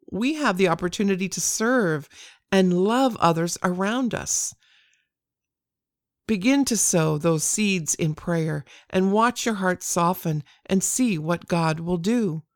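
Earnest older woman, smooth low voice. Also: no room sound, studio quality. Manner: earnest, encouraging. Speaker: podcast host. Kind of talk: devotional podcast talk.

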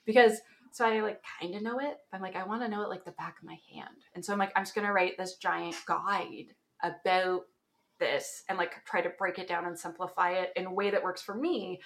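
A woman from Canada, a podcast guest chatting casually and telling animated stories with lots of fillers. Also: on the low side, brisk. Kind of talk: casual chat.

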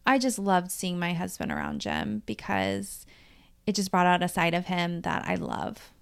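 A life coach in her forties from the Dallas-Fort Worth area in Texas reviews her year on her own solo podcast, chatty and candid, swearing freely and speeding up or slowing down as she tells stories. Her voice is fairly low and gravelly with big swings in pitch, and the recording is clean.

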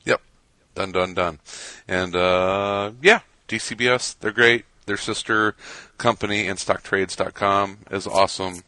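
A man's voice: fairly low pitch, fairly even intonation, a little slow, bright, forceful tone, no echo. A man from Chicago co-hosting a podcast, chatting casually in a rambling way with many restarts. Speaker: podcast co-host. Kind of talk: casual chat.

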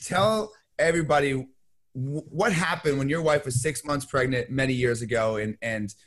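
A man's voice: medium pitch, normal speed, a bit bright. Earnest male podcast host. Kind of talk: interview questions.

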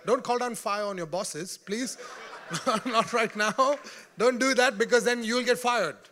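A man preaching a sermon in an animated, joking way, often laughing and calling out to his congregation. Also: extremely high pitch, a little slow, a little hiss or hum.

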